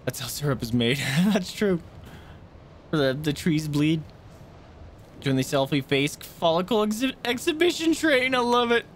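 Speaking unhurriedly in a fairly high register, a man plays a video game on stream and chats with his audience. His commentary is casual and excitable, full of yelps and swearing, and there's a slight hiss or hum.

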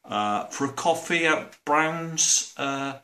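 Comic mock-professor, male, broad Bristol accent, rambling dialect talk, somewhat high, bright tone. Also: slow. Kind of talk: deadpan comic monologue.

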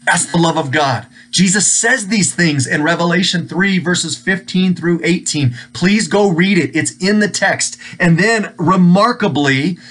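A man's voice: sits high, measured pace, hardly any pauses, a bit bright, husky. A male pastor giving a devotional sermon, emphatic and pleading as he cites scripture heavily.

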